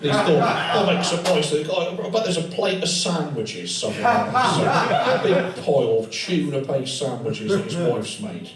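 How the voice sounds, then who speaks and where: A man's voice: on the high side, big pitch swings, normal speed, hardly any pauses, a loud crowd. A male comedian doing live stand-up in a tattoo studio, rambling and swearing freely in a conversational way. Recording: echoey room, distant mic, audience laughter.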